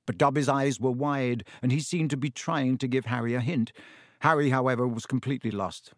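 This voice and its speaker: An audiobook narrator reads a story aloud as scripted narration, steady and measured, in a middling-pitched male voice. The recording is dry and close, with no room sound.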